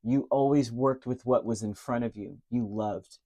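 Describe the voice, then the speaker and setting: Male tarot reader, mellow and dark in tone, emotionally earnest, speaks directly to the listener, repeats key words. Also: mid-range voice, normal speed. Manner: repeats key words, many fillers and restarts. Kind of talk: direct-to-camera tarot reading.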